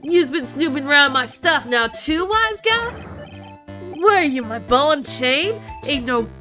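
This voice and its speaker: A woman's voice: high voice, animated, a little slow, bright, forceful tone, faint music behind, voice pushed up, exaggerated voice. A woman voicing a bullying male mobster lobster in a put-on Brooklyn accent that slips southern, with blustering tough-guy slang. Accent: put-on Brooklyn, drifting southern. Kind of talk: voicing game text in a playthrough.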